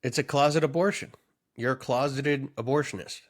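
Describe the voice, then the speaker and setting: A man with a nasal, stuffed-up voice trades jokes on a podcast. His pitch sits in an ordinary middle range, and his delivery is loose and playful as he riffs on wordplay and bounces off his co-host. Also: normal speed. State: stuffy nose. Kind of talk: casual comedy chat.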